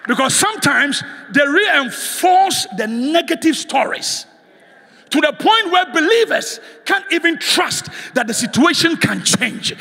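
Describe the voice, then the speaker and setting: A man preaching a sermon as guest speaker, passionately shouting calls for the congregation to respond, recorded in a church sanctuary. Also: extremely high pitch, big pitch swings, a little slow, vocal fry, in a large hall, a faint crowd.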